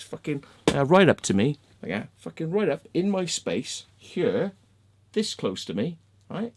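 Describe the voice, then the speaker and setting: A man's voice: fairly high pitch, darkish tone, husky. Sweary, fired-up man ranting. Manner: sweary, heated, mocking, acts out quoted people. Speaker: vlogger. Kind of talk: angry rant to camera.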